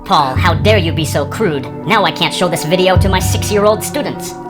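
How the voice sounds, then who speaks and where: A man's voice: high-pitched, normal speed, loud music behind the voice, pitched above the performer's own voice, natural voice. A man doing a prim scolding schoolteacher lady. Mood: indignant. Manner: indignant, scolding.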